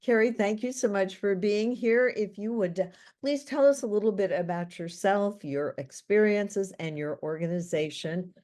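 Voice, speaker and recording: A woman hosting a webinar over a video call, introducing guests with friendly, scripted remarks and a few filler pauses. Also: medium pitch, dark tone. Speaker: webinar host.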